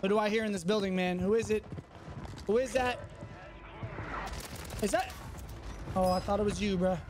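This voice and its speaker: A man's voice: sits high, steady tone, moderate pace. A man streaming a shooter game, trash-talking other players in a swaggering, mock-menacing way and repeating his taunts. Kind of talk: trash-talking gameplay commentary.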